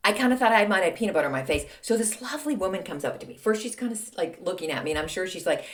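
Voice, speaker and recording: A middle-aged woman, hosting a casual solo podcast with snarky, chatty, exasperated rants and quick asides. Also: medium pitch, expressive. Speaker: podcast host.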